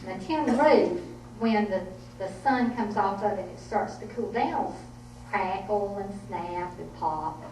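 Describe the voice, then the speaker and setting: A woman's voice: mid-range voice, a little slow, darkish tone. Folksy Southern woman telling stories. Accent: Southern American. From Southern United States. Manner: folksy, humorous storyteller. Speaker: author giving a talk. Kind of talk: storytelling talk. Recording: echoey room, distant mic, faint noise.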